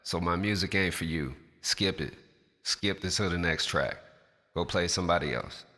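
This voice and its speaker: A man's voice: sits low, normal speed, bright, forceful tone, long reverb tail. A man who raps, speaking straight to camera in a passionate, blunt and profane rant in his natural everyday voice. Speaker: rapper.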